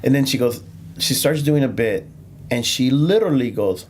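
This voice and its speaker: A man's voice: mid-range voice, expressive, normal speed, a little mellow, breathy edge. A man who does stand-up comedy, telling stories on a casual podcast with plenty of fillers, restarts and laughter. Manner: rambling, laughs often, lots of fillers and restarts.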